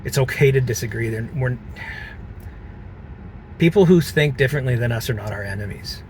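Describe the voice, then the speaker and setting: A man vlogging from a car, talking in an earnest, halting way with many fillers. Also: mid-range voice, animated, a little mellow, a little hiss or hum. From Canada. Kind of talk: reflective personal vlog.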